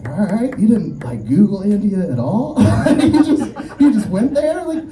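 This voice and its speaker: Guy doing standup outside, swings his pitch all over doing voices, kinda far off and echoey, faint noise. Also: measured pace, hardly any pauses. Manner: animated storytelling, acts out quoted voices. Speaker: stand-up comedian. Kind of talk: stand-up set. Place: outdoor show.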